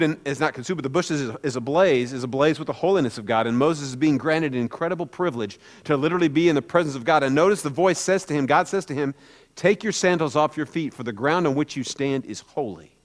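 A man's voice: on the high side, big-room sound. A man preaching a conversational sermon as a pastor, telling a story informally with many "kind of" hedges.

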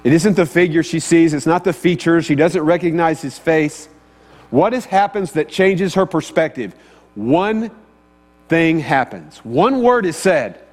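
This pastor preaches a conversational sermon, frequently putting questions to his listeners. His voice sits on the high side with a darkish tone, expressive and unhurried. The recording has a long hall reverb and a faint mains hum.

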